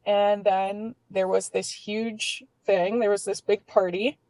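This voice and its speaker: A woman's voice: mid-range voice, level tone, takes it slowly, darkish tone, no room sound, rough recording. A woman in her twenties telling a personal story as a podcast guest, candid and swearing freely, with lots of filler words.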